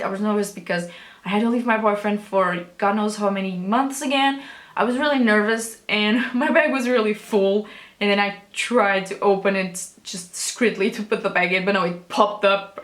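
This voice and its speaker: A woman's voice: mid-range voice, a bit bright, echoey room. A young woman vlogger telling a storytime in a rambling, chatty way, with casual swearing and many restarts. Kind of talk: storytime vlog.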